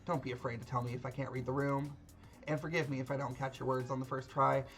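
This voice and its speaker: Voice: mid-range voice, little pitch movement, fast talker, fairly bright tone, faint music behind, lightly acted. A woman reading as a folksy young dancer. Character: cheerful hard-of-hearing young female dancer.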